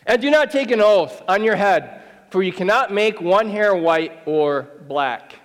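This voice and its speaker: Brief: male pastor with a high voice, emphatic and conversational sermon delivery, long hall reverb. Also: lively intonation, a little slow. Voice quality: emphatic and conversational, with wry asides.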